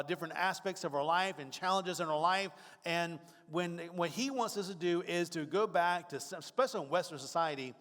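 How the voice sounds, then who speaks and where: A man's voice: high voice, a bit bright, in a large hall. A man preaching a conversational sermon, now and then acting out worried, whiny voices.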